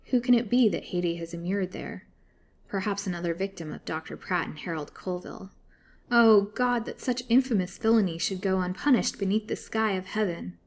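A woman's voice: mid-range voice, moderate pace, lightly acted. A woman reading a storybook, voicing a frightened but brave young woman held prisoner, speaking earnestly. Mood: anguished. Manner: earnest, exclamatory.

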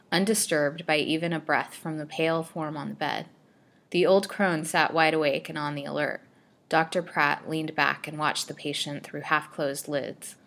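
A woman narrating a serialized gothic storybook with a dramatic, expressive reading. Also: low-pitched.

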